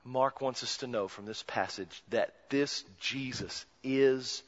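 A male pastor giving a sermon, swinging dramatically from hushed lines to loud ones. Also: medium pitch, slow pace. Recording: dull sound in a reverberant hall.

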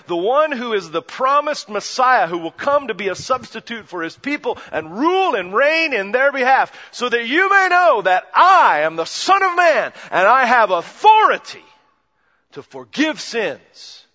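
A man preaching who voices Jesus as a commanding man, declaring his authority slowly and emphatically. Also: sits high, bright, forceful tone, pitched above the performer's own voice, heavily acted. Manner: slow, emphatic, ringing proclamation. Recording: dull sound in a reverberant hall.

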